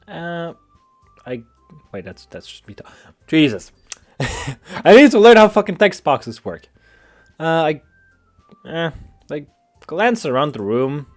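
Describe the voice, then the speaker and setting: A German man streams a let's play with soft music underneath, speaking at a moderate pace in a fairly high, sing-song voice. His gamer commentary rambles, swears freely, and restarts often.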